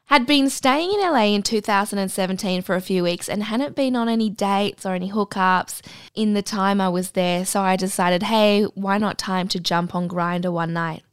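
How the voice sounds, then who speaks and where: A woman with a mid-range voice co-hosts a podcast, reading a listener's story aloud with a dry, deadpan delivery. Her asides come out just as blunt. The recording is close and dry, with no room sound. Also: medium pitch, normal speed, smooth, dry recording. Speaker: podcast co-host.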